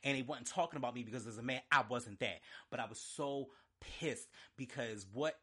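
A man's voice: mid-range voice, brisk, fairly bright tone, husky. A man reviewing an album in an unscripted, emotional rant, talking in a profane, heated and emphatic way. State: choked up. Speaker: music reviewer.

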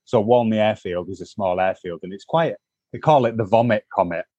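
A man's voice: lowish voice, a little fast, warm tone, dry recording, lo-fi sound. Rambling man from northwest England. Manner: rambling, many fillers and restarts. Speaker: podcast co-host. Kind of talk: casual chat, storytelling.

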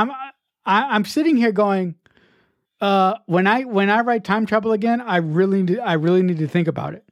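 Role: podcast co-host, writer. Style: casual chat. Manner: reflective, halting, restarts often. Pitch: middle. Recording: dry, close. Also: dry recording.

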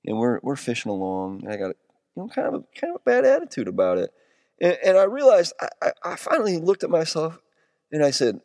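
Male podcast host, mid-range voice, chatty storyteller with animated peaks, dry studio sound. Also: fast talker, no room sound. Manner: animated, with sudden jumps to excited highs; rambling with restarts and self-corrections. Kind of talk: casual storytelling monologue.

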